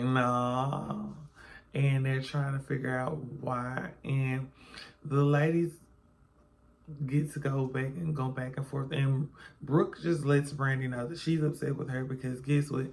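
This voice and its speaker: A man recaps a reality TV episode at home, sleepy in the early hours. His voice has a gravelly, fry-laden edge at a middle pitch. He talks chattily to his viewers and calls them y'all and baby. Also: darkish tone. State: sleepy, yawning early in the morning. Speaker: reality TV reviewer. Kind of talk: casual recap vlog.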